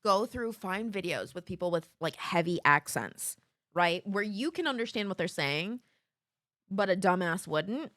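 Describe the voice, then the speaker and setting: A woman in her twenties streaming live, chatting casually to her audience in a rambling, giggly way with sudden excited outbursts. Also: lowish voice, measured pace, no room sound, studio quality.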